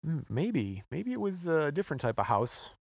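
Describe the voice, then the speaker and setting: A man co-hosting a podcast, relaxed as he recounts a history story and laughing often. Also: on the high side, moderate pace, creaky, dry recording. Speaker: podcast co-host. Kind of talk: casual storytelling chat.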